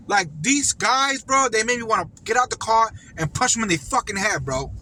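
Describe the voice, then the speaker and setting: A man's voice: high voice, animated, brisk, few pauses, pushed and bright, a little hiss or hum. A man, a car service driver, ranting angrily from inside his car and cursing a lot. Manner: heated, cursing, exasperated. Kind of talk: angry vlog rant.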